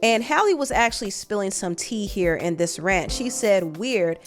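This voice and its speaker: A woman's voice: mid-range voice, animated, normal speed, faint music behind. A woman hosting a celebrity gossip show, talking through the story conversationally and reading out text messages. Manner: conversational, reads out texts aloud. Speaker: host.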